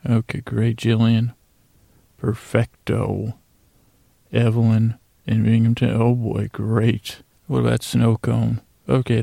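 With vocal fry and a dark tone at medium pitch, a man hosting a podcast rambles playfully through a casual thank-you segment. He thanks listeners and speaks to imaginary creatures. No echo is present.

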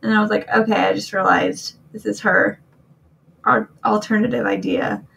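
A woman in a casual chat, wryly relaxed, quoting the comments she made on someone's writing. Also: mid-range voice, moderate pace, gravelly, recorded from a distance, a little hiss or hum, poor audio. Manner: wry, relaxed, quotes her own comments.

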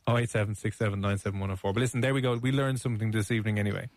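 A man's voice: lowish voice, fairly even intonation, very fast, no echo. Teasing male radio host. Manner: teasing, mock-posh. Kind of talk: casual radio banter.

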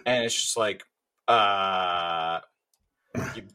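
A man co-hosting a casual podcast, speaking with wry, drawn-out sarcasm. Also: medium pitch, pushed and bright. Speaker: podcast co-host. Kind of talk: casual chat.

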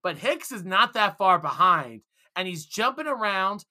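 A man co-hosting a casual film chat, enthusiastic and excitable, laughing often. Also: sits high, unhurried. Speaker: film podcast co-host.

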